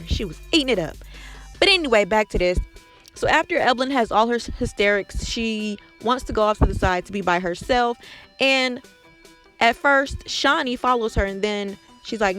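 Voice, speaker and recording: A woman's voice: fairly high pitch, lively intonation, a little fast, fairly bright tone, soft background music. A woman hosting a casual, gossipy recap of a TV episode, with sassy asides. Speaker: recap podcast host.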